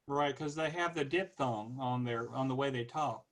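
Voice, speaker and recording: Halting American man with a Californian accent. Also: mid-range voice, poor audio. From United States. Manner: halting, many restarts. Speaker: guest speaker. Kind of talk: casual talk on a video call. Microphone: video call.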